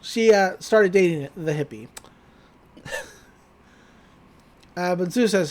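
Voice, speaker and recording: A man co-hosting a podcast, casually recapping a cartoon episode with animated energy. His pitch sits in the middle but swings widely as he tells the story. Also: slow pace. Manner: animated retelling, quotes characters in put-on voices, laughs often. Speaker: podcast co-host.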